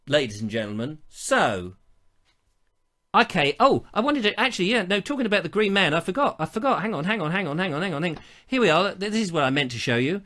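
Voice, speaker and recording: A middle-aged Englishman hosts a casual live stream, his high voice fast, bright and forceful. He tells stories in a very animated, chatty, theatrical way, tossing in playful asides.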